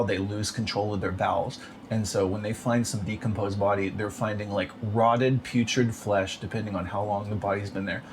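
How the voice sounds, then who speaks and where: A man with a fairly low voice rambles through a casual solo monologue, swearing freely and padding every thought with "like". Steady background noise sits under the recording. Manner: profane, rambling, filler-heavy with frequent 'like'.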